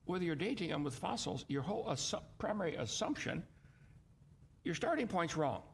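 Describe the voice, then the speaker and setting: A man's voice: fairly high pitch, very animated, brisk, creaky, slightly rough. A man hosting a call-in show, lecturing in an emphatic, mocking way. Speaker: host. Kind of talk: argumentative call-in commentary.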